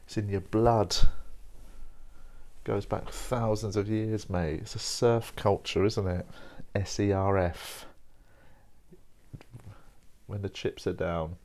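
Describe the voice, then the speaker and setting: A man's voice: on the low side, steady tone, slow, long pauses, a little mellow. A young man rambling casually over coffee, informal and sweary, dropping "mate" and "like" as he talks. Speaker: podcast host.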